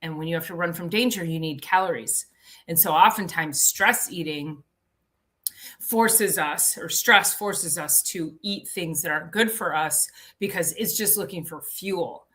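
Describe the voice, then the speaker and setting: A woman's voice: on the low side, unhurried, fairly bright tone. A woman hosting a casual health talk, chatty, often restarting her sentences and laughing easily. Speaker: health show host.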